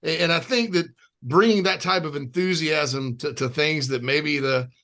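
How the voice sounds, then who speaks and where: A man from the American South hosting a podcast, talking casually in long, rambling sentences. His voice is bright and forward, with a sharp edge. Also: fairly high pitch, normal speed. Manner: rambling, with many restarts and fillers. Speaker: podcast host.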